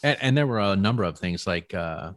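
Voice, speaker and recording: Male co-host, very deep voice, earnest and measured, dry room. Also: expressive, no room sound. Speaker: podcast co-host. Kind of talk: casual debate chat.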